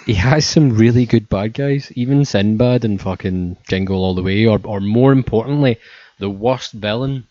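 A man rambles through a casual chat, joking and swearing freely. His voice sits low and sounds close and dry. The recording is muffled and lo-fi. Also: moderate pace, dark tone, no echo.

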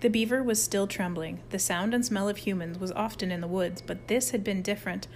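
A woman reading a children's novel aloud as an audiobook narrator, in a lively storytelling manner. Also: medium pitch, a little fast, slight background noise. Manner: lively storytelling with varied character voices. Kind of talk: scripted narration.

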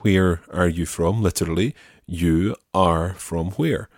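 A very deep-voiced man teaching a language podcast, recorded close to the mic in a dry studio. He repeats phrases slowly and patiently breaks them down. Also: fairly even intonation, a little mellow, dry recording. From Scotland. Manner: clear, slow model phrases with patient explanations. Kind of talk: explaining a language lesson.

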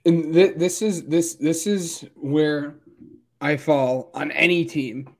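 A young man co-hosts a sports podcast in a casual, conversational way, hedging as he weighs his points. His voice sits a bit high for a man. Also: steady tone, slow pace, a little mellow. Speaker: podcast co-host.

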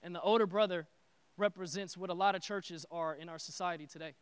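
A man preaching a sermon with energetic, repetitive call-and-response phrasing. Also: sits high, brisk, clear, resonant tone, no room sound. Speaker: pastor.

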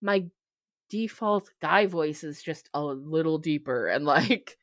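A woman narrating as game master in a tabletop role-play, unhurried and halting, with giggly asides. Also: low voice, dry recording, clean studio sound.

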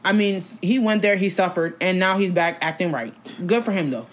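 Animated New woman ranting. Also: on the low side, fairly quick. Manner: animated, emphatic slang-heavy ranting. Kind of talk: casual chat.

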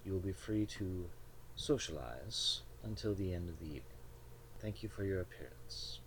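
A man's voice: low-pitched, animated, normal speed, a little hiss or hum. A man voicing a stern, formal woman hostess with a German accent.

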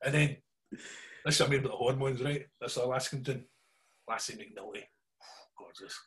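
A middle-aged man with a Glaswegian Scottish accent telling stories in casual chat, animated and always checking in with his listeners. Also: medium pitch, brisk. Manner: animated yarn-spinning, keeps checking in with listeners.

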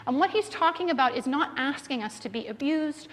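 A woman in her thirties preaches a sermon in a church sanctuary, her high, brisk voice animating family stories as she acts out what relatives said. The reverberant hall carries faint room noise.

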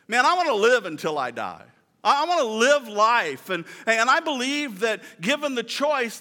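A male pastor preaching a sermon in a conversational way, joking with the congregation and slowing down for emphatic quotes. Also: very high voice, bright, forceful tone. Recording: reverberant hall sound.

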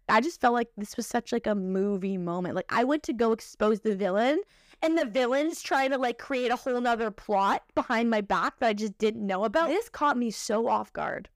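A young woman hosting a podcast, telling a personal story in an animated, emotional, profane way. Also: on the high side, normal speed, no echo, clean studio sound. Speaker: podcast host.

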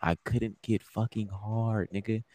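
This podcast co-host is a young man whose lowish voice moves a little slowly. His storytelling is casual and full of profanity, and he gets animated voicing the quoted lines of each character.

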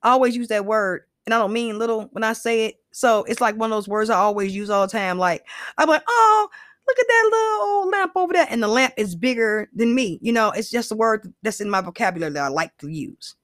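A woman's voice: mid-range voice, fast, few pauses, no room sound, studio quality. A woman giving casual opinion commentary, rambling and profane, with lots of asides and fillers.

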